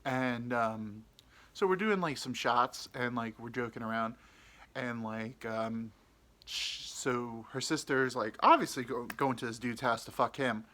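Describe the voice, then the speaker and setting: Young man, casual comic storytelling, rambling, crude, lots of "like" fillers, bright tone, middle pitch. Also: a little slow. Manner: rambling, crude, full of "like" fillers, acts out quotes. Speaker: podcast storyteller.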